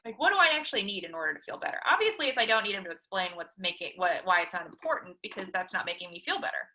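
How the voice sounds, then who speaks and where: A woman counselor giving a conversational online lecture with shared slides, using personal examples and frequent "um" pauses. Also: fairly low pitch, lively intonation, bright, forceful tone, poor audio. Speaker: counselor presenting a talk.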